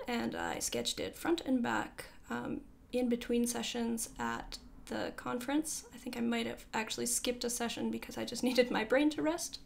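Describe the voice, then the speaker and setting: A woman talks through her sketchbook in a casual vlog voiceover recorded in her home studio. She speaks quickly and rambles, filling pauses with fillers and self-deprecating asides. Her voice sits a little high, with a noticeable gravelly fry. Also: darkish tone. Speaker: artist giving a sketchbook tour. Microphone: voiceover microphone.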